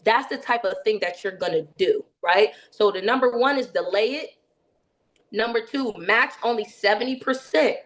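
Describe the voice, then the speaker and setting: Brief: higher-pitched woman running a sales training, lively coaching tone with frequent check-ins. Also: moderate pace. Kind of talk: training session.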